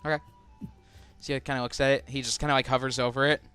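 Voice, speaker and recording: A man running a tabletop role-playing game as dungeon master, narrating with animated energy. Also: medium pitch, fast, smooth, faint music behind. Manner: animated, laughing storyteller.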